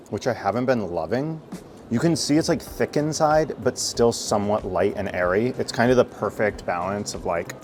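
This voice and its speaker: A man in his thirties from the United States talks through a casual food vlog, chatty, excitable and quick to swear. His voice sits a little low, and faint music plays under him. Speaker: food vlogger. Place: streets and bakeries of a city, outdoors.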